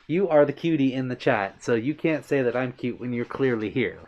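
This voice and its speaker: A man's voice: medium pitch, a little fast, darkish tone, highs cut off. A man hosting a casual livestream, reading out viewer comments with a playful, giggly manner and brushing off compliments bashfully. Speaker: livestream host.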